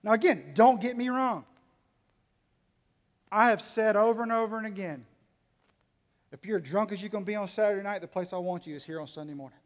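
High-voiced preacher in a reverberant hall. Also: male voice, fairly quick, pauses often. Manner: dynamic, swinging between quiet asides and loud emphatic lines; humorous, teasing the congregation. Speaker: pastor. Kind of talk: sermon. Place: church hall.

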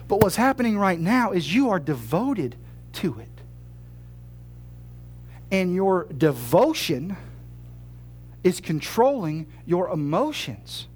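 A man voicing Jesus in a sermon, patient and reassuring, speaking softly. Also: high-pitched, slight background noise, low-quality recording. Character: calm, gently teasing Jesus, patient adult man.

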